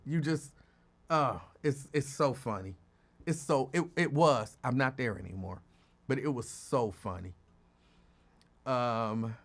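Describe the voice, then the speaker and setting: A man hosting his own show, telling rambling stories in a casual chat and laughing often. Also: mid-range voice. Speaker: show host.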